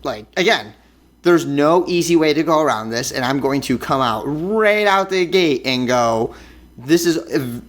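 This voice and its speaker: Man, podcast co-host, lively swooping pitch, jokey, goofy sound effects. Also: a little slow. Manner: jokey, bursts into sound effects and high squeals. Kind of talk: casual geeky podcast chat.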